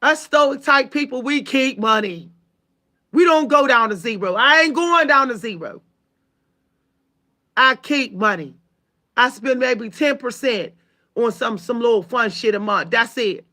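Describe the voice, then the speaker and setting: A woman's voice: fairly high pitch, lively intonation, a little slow, pauses often, sharp tone. A woman hosting her own channel, venting angrily to her viewers in a profane, emphatic rant. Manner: profane, heated, emphatic storytelling. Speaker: channel host. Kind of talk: angry venting monologue to viewers.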